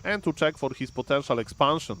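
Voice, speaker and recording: Animated man commentating his own game. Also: fairly high pitch, a little fast. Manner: animated, often says "ladies and gentlemen", thinks aloud with fillers. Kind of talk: live gameplay commentary.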